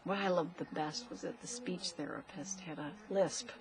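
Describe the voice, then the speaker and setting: A woman, a mother, telling her grown child stories about him as a baby in a casual home video, animated and often laughing. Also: lowish voice, moderate pace, noisy background.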